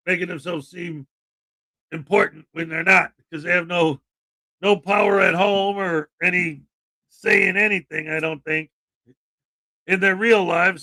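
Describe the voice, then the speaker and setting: A man's voice: high-pitched, bright, forceful tone, no echo. A man hosting a casual live stream, joking sarcastically and chuckling as he comments. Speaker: streamer host.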